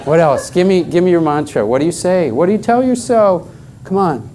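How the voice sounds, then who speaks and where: A man's voice: high voice, animated, fairly quick, background noise. A middle-aged man giving a workshop talk at a conference, emphatic and joking with the audience. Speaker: conference speaker.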